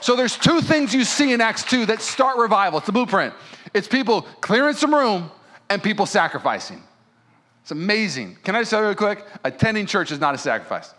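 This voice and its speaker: A man preaching a sermon as pastor, fervent and passionate, moving between loud preaching and quiet prayer. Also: high voice, very animated, brisk, slight background noise.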